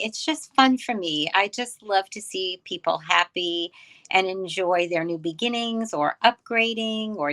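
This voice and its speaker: An older woman from New York, chatting as an interview guest. Her voice is bright and forward, sitting a touch low for a woman, and she tells her story in quick, easy bursts. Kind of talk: casual interview chat.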